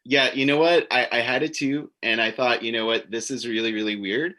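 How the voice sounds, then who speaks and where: Male improviser as a stammering alien double, bright-toned. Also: mid-range voice, steady tone, close to an everyday voice. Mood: bumbling. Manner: halting, stammering. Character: confused male alien envoy, a mirror double of the captain. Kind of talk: improvised sci-fi comedy.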